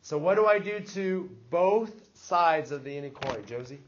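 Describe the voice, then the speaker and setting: A man's voice: on the high side, animated, moderate pace, muffled recording. A man teaching a math class, leading with questions and checking in with his students. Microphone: classroom recording device.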